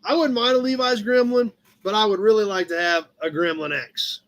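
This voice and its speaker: A man's voice: sits high, a little fast, fairly bright tone. A man hosting a casual live chat from his shop office, rambling through an old car magazine and chatting to his cat along the way. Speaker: livestream host.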